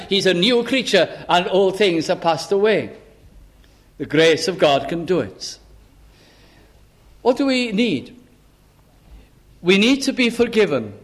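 A man preaching a chapel sermon, earnest and emphatic, acting out the voices of the people he quotes. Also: high-pitched. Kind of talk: evangelical sermon. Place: chapel service.

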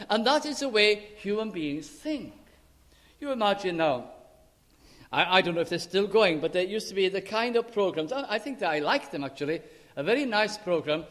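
Earnest preacher in a reverberant hall. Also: male voice, high-pitched, animated, a bit bright. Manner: earnest, emphatic, with dramatic pauses. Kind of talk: sermon.

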